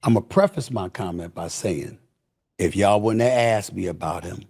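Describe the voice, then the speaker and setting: Husky guy on a podcast, blunt, emphatic, says it twice to hammer it home. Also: low-pitched, moderate pace, a little mellow. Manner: emphatic, blunt, repeats for stress. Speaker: podcast guest, media personality. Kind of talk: casual podcast conversation.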